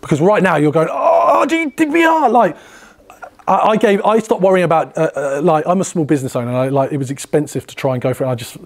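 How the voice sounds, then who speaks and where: Man, sales trainer, casual workshop talk, mellow slightly high voice, lots of fillers. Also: racing, hardly any pauses. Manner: chatty, filler-heavy, frequent restarts.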